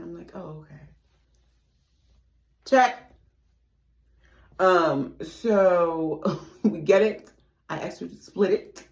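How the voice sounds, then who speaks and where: A young woman tells a storytime in a casual, profane way. Her voice sits a little low, and she jumps between loud outbursts and quiet muttered asides. The room is echoey. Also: very slow, pauses often. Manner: animated, profane, swings between loud exclamations and hushed asides. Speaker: storytime vlogger.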